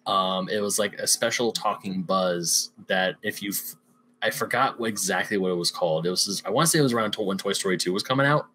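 A man's voice: deep voice, a little fast, a little hiss or hum. A young man co-hosting a podcast, casually retelling scenes and quoting lines in playful voices. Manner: animated storyteller, quotes lines in voices. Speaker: podcast co-host. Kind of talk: casual chat.

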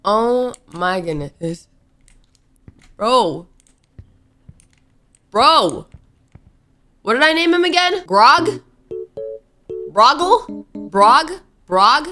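A young woman narrating a horror game as she plays, excitable and talking to the characters on screen. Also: on the high side, extremely slow, pauses often, soft background music. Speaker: gaming YouTuber. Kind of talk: let's play commentary.

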